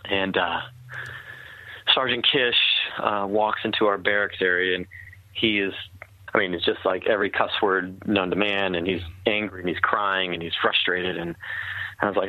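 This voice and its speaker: A man's voice: low voice, steady tone, normal speed, no room sound. A man, a former army captain, earnestly telling a personal war story in casual conversation, with many fillers and restarts. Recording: tinny phone-like line.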